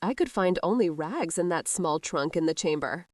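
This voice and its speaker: A woman's voice: lowish voice, animated, moderate pace, a little mellow, no echo, clean studio sound, lightly acted. A woman voicing a clever young noble bride who speaks mildly but pointedly. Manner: mild yet pointed.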